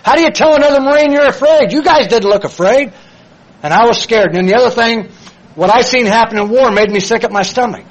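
A man's voice: extremely high pitch, a little fast, low-quality recording. An older man giving a plain-spoken, confessional personal testimony at a recovery meeting, repeating his key phrases.

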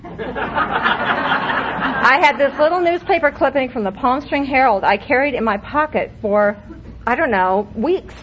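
A woman's voice: a little high, fairly bright tone. A middle-aged woman speaks candidly at a recovery meeting, wry and easy, telling her story with bursts of laughter. The recording is muffled and lo-fi, with a faint hiss beneath her voice.

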